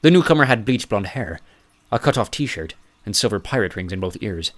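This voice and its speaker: A man's voice: on the low side, animated, a little fast. Man reading an audiobook. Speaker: audiobook narrator. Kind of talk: scripted narration.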